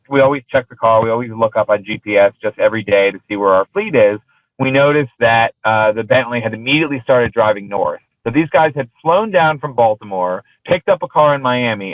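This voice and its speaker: A man's voice: mid-range voice, no echo. A man, a guest on an interview show, telling casual business anecdotes in a rambling way, full of fillers and restarts. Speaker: interview guest, exotic car rental business owner. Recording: tinny phone line, dry.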